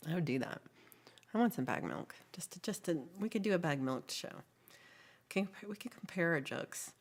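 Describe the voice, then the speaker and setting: A woman's voice: lowish voice, lively intonation, normal speed. A woman hosting a casual livestream, chatting with viewers and reading their messages aloud, with frequent ums. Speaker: livestream host.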